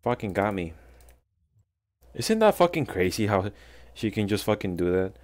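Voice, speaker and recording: A man with a fairly low voice gives casual, unscripted commentary over his gameplay. He swears constantly and grumbles in frustration, trash-talking his opponents as he plays. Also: sing-song, normal speed. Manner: profane, frustrated trash talk. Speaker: gameplay streamer.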